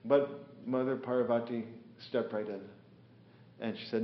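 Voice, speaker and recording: A man's voice: medium pitch, fairly even intonation, measured pace. A man teaching a scripture class, telling stories unhurriedly with many fillers and voicing the figures in them. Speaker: spiritual teacher. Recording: echoey room, dull lo-fi sound.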